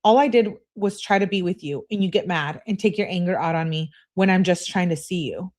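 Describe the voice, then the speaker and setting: A woman's voice: fairly low pitch, fairly quick, a little mellow, lightly acted. A woman reading as an exasperated teenage girl. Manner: complaining, exasperated. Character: upset teenage girl, clingy and indignant. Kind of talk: reading text messages aloud.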